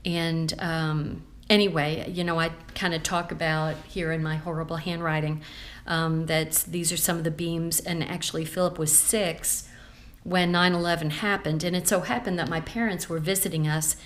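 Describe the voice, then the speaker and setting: A chatty woman walks through a scrapbook page by page. Her voice sits a little low, and she rambles warmly with plenty of ums and asides. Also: level tone, normal speed. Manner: chatty and rambling, with many fillers. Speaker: scrapbooking consultant. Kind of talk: casual show-and-tell vlog.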